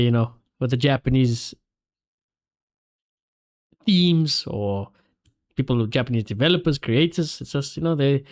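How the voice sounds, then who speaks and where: A man hosting a live football watchalong stream, reacting excitedly to the play and reading out viewer comments. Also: medium pitch.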